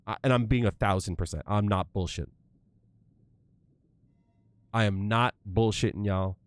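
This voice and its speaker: A man's voice: on the low side, normal speed, smooth, dry recording. A young man chatting casually to his livestream viewers, swearing freely and getting worked up into rants.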